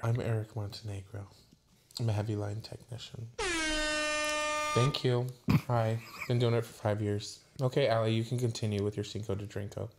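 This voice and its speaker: Teasing man over loud noise. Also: on the low side, level tone, normal speed, vocal fry. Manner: teasing, playful. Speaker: podcast co-host, technician. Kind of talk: casual chat.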